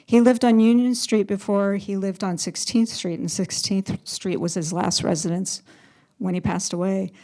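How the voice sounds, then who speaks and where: A woman's voice: medium pitch, little pitch movement, normal speed, warm tone. A woman photographer telling stories as a panel guest, chatty, laughing often and acting out quotes. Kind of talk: storytelling on a panel.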